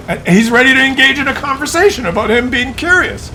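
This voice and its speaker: A man vlogging, telling a comic story to camera in an exasperated, animated way with many restarts. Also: very high-pitched, fast talker, slight background noise.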